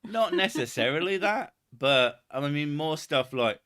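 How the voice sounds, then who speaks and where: A sarcastic young man, chatting casually and swearing freely, his voice sitting at an ordinary middle pitch. He riffs crudely for comic effect as a show host. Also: lively intonation, normal speed, few pauses, a bit bright. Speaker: podcast host. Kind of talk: casual comedic chat.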